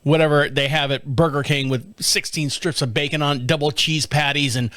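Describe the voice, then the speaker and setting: A middle-aged man telling a story casually on his podcast, animated and laughing often, with some swearing. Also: on the high side, moderate pace, no echo. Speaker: podcast host. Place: home studio.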